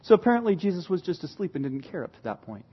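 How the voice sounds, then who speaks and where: A man preaching a sermon, swinging from loud dramatic retelling to hushed emphasis. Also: high-pitched, very animated, fast, husky, lo-fi sound. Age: adult parent. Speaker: pastor.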